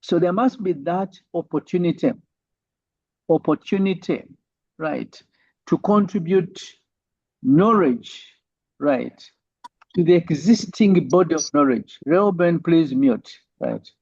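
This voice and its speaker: A man's voice: fairly high pitch, expressive, takes it slowly, gravelly, pauses often, a little mellow, husky, no room sound, dull audio. A male university lecturer giving an online lecture, tagging sentences with "right?" and many fillers.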